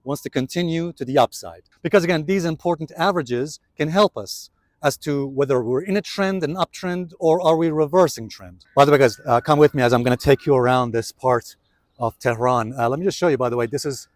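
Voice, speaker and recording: A man talking viewers through charts in a casual vlog, his voice on the higher side and recorded dry and close. He keeps it chatty, calling his audience guys, as he strolls outside. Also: fairly quick, dry recording. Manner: chatty, explains step by step, addresses viewers as guys. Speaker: trading video host. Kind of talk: casual market commentary vlog. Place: outdoors on city streets.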